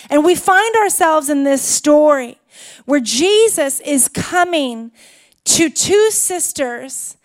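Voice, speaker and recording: A woman pastor in her thirties giving a sermon, telling family stories in a loose, conversational way with frequent restarts. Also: high-pitched. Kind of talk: sermon with personal storytelling.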